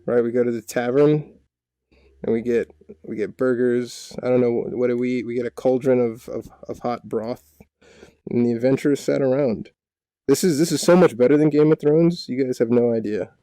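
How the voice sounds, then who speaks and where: A male dungeon master recaps the party's downtime in a loose, rambling way, cracking jokes as he goes. His voice is mellow and mid-pitched, and the recording is dry. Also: normal speed, no echo. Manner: rambling, joking, full of fillers. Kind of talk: casual storytelling recap.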